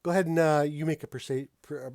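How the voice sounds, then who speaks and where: Gravelly halting game master man. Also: a little high, steady tone, a little mellow, no echo. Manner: halting, repeats words. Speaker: dungeon master. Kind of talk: narrating a tabletop game. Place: home setup, online stream.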